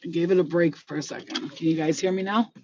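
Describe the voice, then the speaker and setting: Her voice is on the low side, steady, fast, and a little mellow, with slight background noise on distant, dull lo-fi phone audio. Speaking from a car, this spiritual vlogger casually tells a live-stream story, chatty and profane with lots of fillers.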